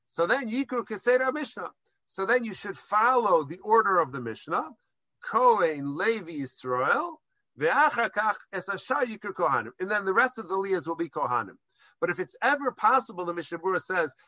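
A man's voice: high-pitched, pushed and bright, no room sound, lo-fi sound. A man giving a Jewish law lesson to a class, explaining step by step and mixing Hebrew terms into English, with some hesitant restarts. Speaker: rabbinic lecturer.

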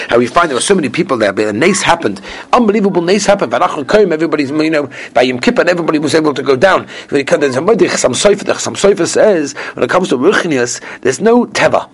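Rapid, animated man teaching Talmud. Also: a little high, breathy edge. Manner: rapid, animated lecturing that mixes Hebrew and Aramaic terms into English. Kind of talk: daily Talmud lesson.

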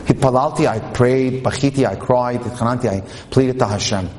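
A man's voice: medium pitch, a little fast, hardly any pauses, darkish tone, slight background noise. A middle-aged man giving an earnest religious talk at a singles event, reading a story and translating Hebrew lines aloud as he goes.

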